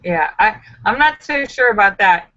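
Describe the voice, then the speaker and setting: A woman's voice: medium pitch, lively intonation, normal speed, a bit bright, highs cut off. A woman hosting a casual live stream, chatting with viewers in a sassy, joking, self-mocking way.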